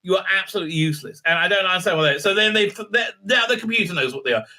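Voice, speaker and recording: A man's voice: high voice, rapid-fire, sharp tone. A man giving a casual, mocking review commentary, full of filler words and restarts. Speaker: TV show reviewer.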